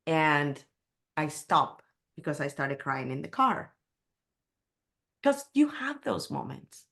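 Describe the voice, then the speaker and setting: Low-voiced middle-aged woman telling her story. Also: very animated, takes it slowly, creaky, fairly bright tone. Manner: candid and emotional, with non-native grammar slips. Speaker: guest. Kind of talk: personal storytelling in conversation.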